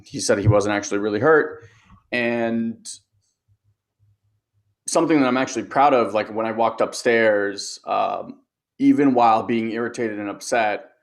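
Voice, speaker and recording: Middle-aged male co-host, casual chat, animated storyteller. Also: fairly low pitch. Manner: animated storytelling, acts out his inner voice. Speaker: podcast co-host.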